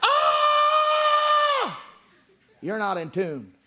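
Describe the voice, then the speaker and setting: A man preaching a sermon, moving between low storytelling and shouted exhortation. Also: lively intonation, normal speed, very noisy.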